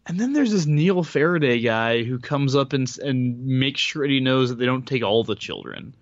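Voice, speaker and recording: A man's voice: medium pitch, lively intonation, normal speed, no echo, dull audio. A man co-hosting a podcast, chatting casually and rambling with frequent laughs. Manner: laid-back, rambling, laughs often. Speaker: podcast co-host. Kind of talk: casual book discussion chat.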